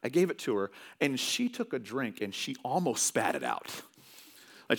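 A man's voice: medium pitch, huge pitch swings, normal speed, slightly rough. A man from California preaching a sermon as pastor, telling stories in a loose, conversational way with many restarts.

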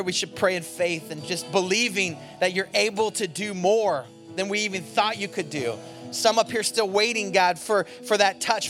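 A man praying over a church congregation, starting quietly with halting restarts and swelling into fervent declarations. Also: high-pitched. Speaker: minister praying. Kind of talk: sermon and spoken prayer. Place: church sanctuary.

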